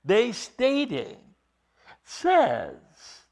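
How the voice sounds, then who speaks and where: A male preacher giving a sermon, emphatic, building up to loud stressed phrases and dropping to quiet asides. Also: high voice, wildly swooping pitch, very slow, creaky.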